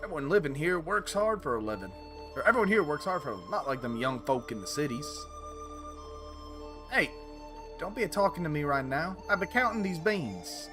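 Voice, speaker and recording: A man voicing a gruff, hardworking rural villager with a brusque hick drawl. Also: on the high side, sing-song, a little fast, hardly any pauses, music in the background.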